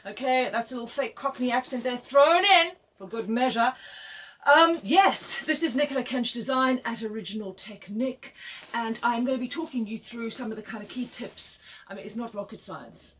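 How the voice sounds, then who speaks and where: A woman's voice: on the high side, moderate pace, fairly bright tone, slight background noise, low-quality recording. A woman designer giving a chatty, jokey, self-mocking demonstration of her own product from her office. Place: home office.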